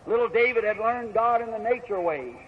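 A man's voice: sits high, fairly quick. A man preaching a storytelling sermon in a folksy, plain-spoken way with rural grammar. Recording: dull lo-fi recording with faint hiss.

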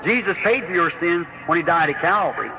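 A high-pitched, expressive male voice moves fairly quickly through a revival sermon and prayer line, preserved on an old lo-fi recording with audible hiss. Folksy and earnest, he calls out prayer card numbers during the healing service and rises to fervent emphasis.

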